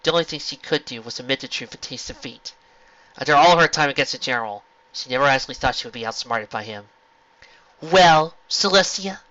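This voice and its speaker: A man reading a fan fiction story aloud with expressive narration. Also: mid-range voice, fast, dry recording. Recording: lo-fi home recording.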